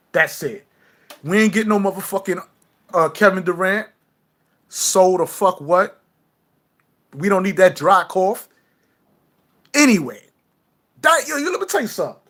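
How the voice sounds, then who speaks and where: A man's voice: high voice, expressive, measured pace, long pauses, a bit bright. A man hosting a livestream, ranting brashly and swearing at his viewers. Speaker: livestream host. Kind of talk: profane livestream rant to viewers.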